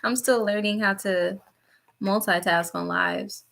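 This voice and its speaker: A woman's voice: expressive, slow, vocal fry, sharp tone. A young woman doing a casual, profane tarot reading live stream, laughing often and talking to her chat. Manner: jumps between topics with sudden high-pitched bursts.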